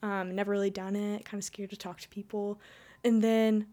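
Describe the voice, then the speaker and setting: A woman's voice: medium pitch, level tone, moderate pace, warm tone. A young woman telling her personal faith story in casual conversation, rambling with lots of "like" and restarts. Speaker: guest.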